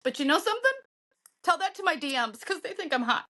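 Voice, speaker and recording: A woman's voice: sits high, sing-song, quick pace, pushed and bright. A woman from the co-hosting a podcast, speaking in an earnest, heartfelt and defiant way in casual chat. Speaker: podcast co-host.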